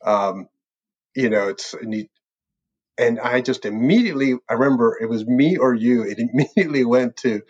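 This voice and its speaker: A man's voice: medium pitch, moderate pace, a little mellow, breathy edge. A man, a birding tour leader, chatting casually and rambling through an old trip story, laughing often between phrases. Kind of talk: casual reminiscing chat. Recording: dull lo-fi sound.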